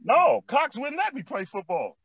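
A man's voice: very high voice, moderate pace, gravelly, husky, no room sound, dull audio. A man with a Chicago accent, a former basketball player telling stories in an interview, repeating his phrases and saying "man" a lot. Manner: animated street storytelling, repeats phrases and says "man" often. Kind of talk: storytelling interview chat.

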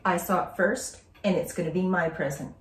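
Woman voicing jolly dad, lowered voice, storybook, roomy far-off sound. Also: fairly even intonation, moderate pace, natural voice. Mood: stubborn. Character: cheerful proud father. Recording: roomy, distant from mic.

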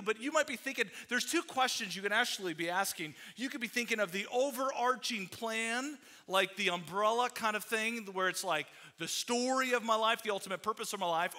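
Middle-aged male pastor, high ringing voice, chatty sermon storytelling. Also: pushed and bright. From Iowa. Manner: storytelling with quoted voices, many fillers. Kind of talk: conversational sermon. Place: church sanctuary.

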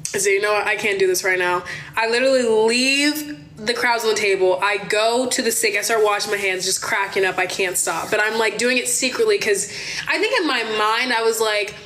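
A young woman from Maryland telling a wild story on her phone livestream, chatty and animated, swearing and calling her viewers y'all. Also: mid-range voice, brisk. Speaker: livestream host.

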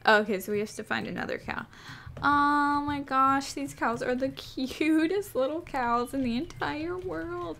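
Une jeune vidéaste au timbre haut perché qui commente son jeu sur un ton emballé. Elle s'exclame et s'attendrit sans cesse devant les animaux à l'écran. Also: female voice, high-pitched, moderate pace, creaky, few pauses, fairly bright tone, slight background noise. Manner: gushing, squealing over cute animals. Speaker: gaming YouTuber. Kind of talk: excited gameplay commentary.

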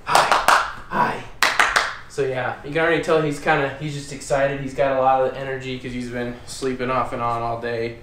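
A man explaining puppy training in a relaxed, plainspoken way. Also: mid-range voice, normal speed, far from the mic, background noise. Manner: relaxed, plainspoken, upbeat commands to the dog. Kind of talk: casual explaining while training. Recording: echoey room, voice from off-mic.

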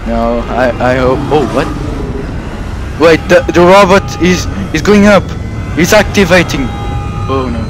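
A man in an in-character vlog over gameplay, playing a house owner and breaking into frightened, excited exclamations with stammered repeats. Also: fairly high pitch, a little slow, over music.

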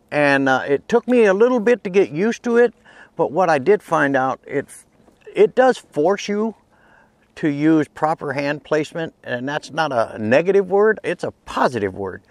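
A man with a slightly higher voice records his own casual product review outdoors, first out on a lake and later on a patio. He is folksy and enthusiastic, and he repeats his points for emphasis. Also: no room sound. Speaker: kayak gear reviewer.

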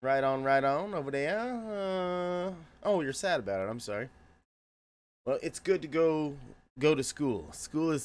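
Chatting with viewers as a game streamer, this man goofily greets his chat by name and jokes around. He has a smooth, slightly high voice with lively intonation and a somewhat slow pace.

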